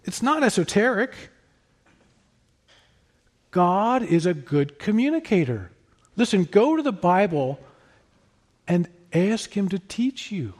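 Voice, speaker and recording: A man preaching a sermon in an earnest, emphatic way, rising to stress his points and then dropping soft. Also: sits high, very animated, slow pace, pauses often. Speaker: pastor.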